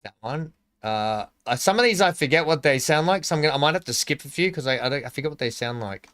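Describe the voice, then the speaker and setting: A man's voice: a little high, expressive, fast, a bit bright, dry recording, clean studio sound. A man live-streaming a game, thinking aloud in a rambling, casual way and chatting with his viewers. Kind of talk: casual live-stream chat while gaming.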